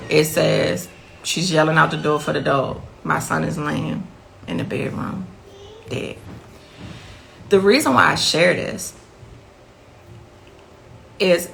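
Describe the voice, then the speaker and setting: Gravelly, bright-voiced grieving mother. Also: on the low side, slight background noise, rough recording. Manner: blunt and impassioned, repeats for emphasis. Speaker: victim's mother telling her story. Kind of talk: personal interview account.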